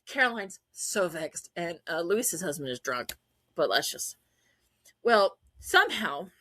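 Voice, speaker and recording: A woman hosting a podcast, gushing and laughing as she recaps scenes and acts out quotes in quick voices. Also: medium pitch, pushed and bright. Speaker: podcast host. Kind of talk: excited fan recap chat.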